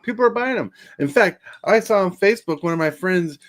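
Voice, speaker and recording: A man's voice: high voice, lively intonation, a little fast, a bit bright. A man hosting a casual chat show, rambling with lots of fillers and frequent laughter. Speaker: podcast host.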